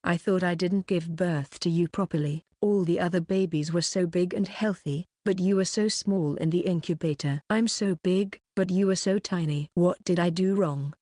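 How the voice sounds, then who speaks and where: Woman narrator doing a low, dry-voiced weepy mother, apologetic, audiobook. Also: normal speed, few pauses, warm tone, dry recording, close to an everyday voice. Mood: tearful. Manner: sobbing, apologetic. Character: tearful heavyset mother, gentle and apologetic. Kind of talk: audiobook character reading.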